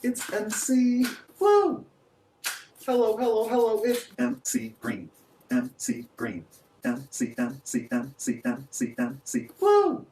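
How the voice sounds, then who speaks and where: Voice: medium pitch, wildly swooping pitch, slow, warm tone, slight background noise, pitched above the performer's own voice, full character voice. A man doing a whooping puppet MC rapper. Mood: hyped. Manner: chanting rap hype, whooping. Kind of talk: puppet video skit. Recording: echoey, distant room sound.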